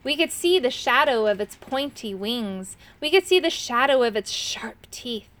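A woman reading a children's chapter book aloud with expressive, dramatic delivery. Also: a little high, measured pace. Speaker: narrator.

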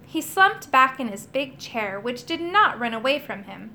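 A woman narrating a children's storybook chapter aloud in an expressive, animated manner. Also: high-pitched, measured pace, slight background noise.

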